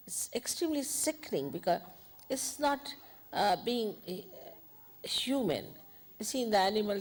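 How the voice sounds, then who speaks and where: A woman spiritual teacher, giving an informal, unhurried talk with gentle asides. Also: mid-range voice.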